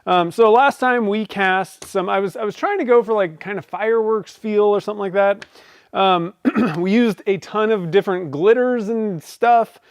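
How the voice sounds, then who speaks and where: Chatty high-voiced man. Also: moderate pace, smooth, dry recording. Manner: rambling, with many fillers and restarts. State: clearing a dry throat. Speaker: pen-turning livestream host. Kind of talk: casual livestream chat.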